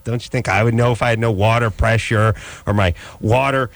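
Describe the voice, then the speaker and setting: A man hosting a radio call-in show, telling stories in a rambling, animated way. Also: mid-range voice, a little fast, vocal fry, hardly any pauses, no room sound. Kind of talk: casual talk radio banter.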